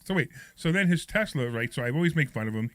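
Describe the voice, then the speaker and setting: Fast-talking male radio host. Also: mid-range voice. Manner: animated storytelling, teasing. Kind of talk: bantering radio talk. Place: radio studio.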